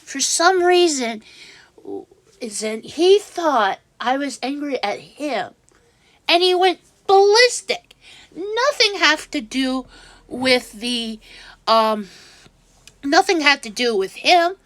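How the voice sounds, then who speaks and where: High-voiced woman venting slowly and upset. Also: very animated, a bit bright, no room sound. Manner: upset, rambling, with frequent restarts. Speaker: vlogger. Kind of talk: casual venting monologue.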